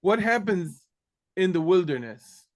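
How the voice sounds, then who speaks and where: A man teaching a Bible class, explaining slowly and often pausing with "okay". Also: high voice, sing-song. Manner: slow, explanatory, fills pauses with "okay". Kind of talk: online lecture.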